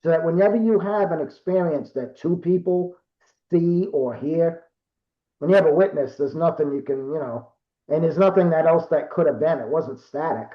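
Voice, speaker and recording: A man in his fifties from Rhode Island spins a casual, meandering story as a guest, full of fillers and restarts. His voice sits a little high for a man. It comes through a video call with a roomy echo and dull, lo-fi sound. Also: moderate pace. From Rhode Island, USA. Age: 50s. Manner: rambling, self-correcting, lots of fillers.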